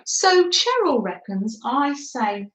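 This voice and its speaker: Slow-talking English woman crafter. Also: high-pitched, very animated, fairly bright tone, roomy sound, a little hiss or hum, rough recording. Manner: chatty, gushing with frequent little laughs. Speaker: craft livestream host. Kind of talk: live-stream crafting chat.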